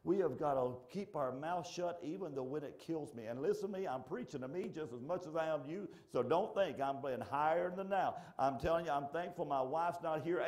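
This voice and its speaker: A middle-aged male pastor preaching a folksy, animated sermon in church that swings from shouting to hushed. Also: a little high, moderate pace.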